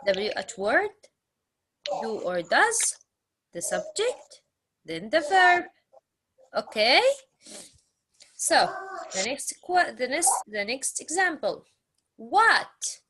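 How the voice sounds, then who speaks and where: A woman's voice: high voice, sing-song, takes it slowly, long pauses, background noise. A woman teaching English grammar, drilling question words over and over and stressing her question intonation. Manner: drills phrases with repetition and exaggerated question intonation. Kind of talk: slow classroom grammar lesson.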